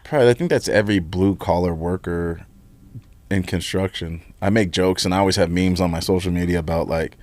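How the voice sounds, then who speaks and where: A man's voice: sits low, brisk, no echo. A middle-aged man from Nevada, a union leader talking candidly and with energy in a casual interview, often repeating himself. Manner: candid and animated, blunt words, repeats himself. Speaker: union leader, podcast guest.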